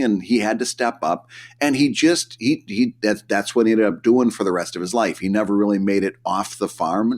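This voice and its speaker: A man from Michigan co-hosting a podcast, telling a rambling anecdote in casual chat. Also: fairly low pitch. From Michigan, USA. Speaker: podcast co-host, cartoonist.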